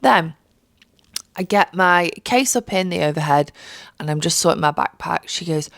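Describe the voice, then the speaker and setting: A young woman rants through a travel story for her vlog, swearing freely and dropping into mocking voices. Her voice sits low with a gravelly fry, and the sound is dry and close. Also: lively intonation, moderate pace, a bit bright, no room sound. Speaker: vlogger.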